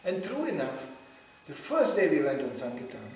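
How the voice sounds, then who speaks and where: A man giving a religious talk, telling anecdotes with lively storytelling and acting out the voices of people he quotes. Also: on the high side, moderate pace, a little hiss or hum. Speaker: devotional speaker. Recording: very echoey hall, mic far off.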